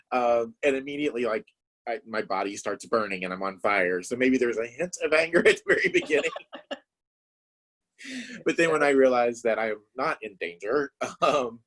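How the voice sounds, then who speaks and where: A man's voice: medium pitch, moderate pace, long pauses, a bit bright. A man as a guest in a casual chat, talking hesitantly with many "um"s and easy laughter over a video call.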